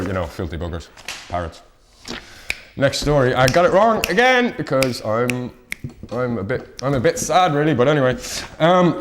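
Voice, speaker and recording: In a local TV studio, a man with a mid-range voice presents a casual round-up of odd news stories, rambling and poking fun at himself with quick asides.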